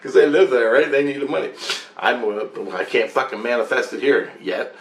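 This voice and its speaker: A man in his apartment telling a dream story in a rambling, profane, animated way. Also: medium pitch, moderate pace, roomy sound, a little hiss or hum. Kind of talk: casual storytelling. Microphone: camera mic.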